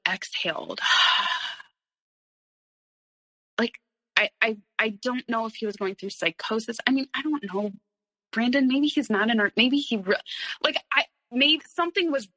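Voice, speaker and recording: A woman's voice: mid-range voice, pushed and bright, big-room sound, poor audio. A woman in her thirties, a guest on an interview show, telling her own story candidly, rambling with many fillers and nervous little laughs.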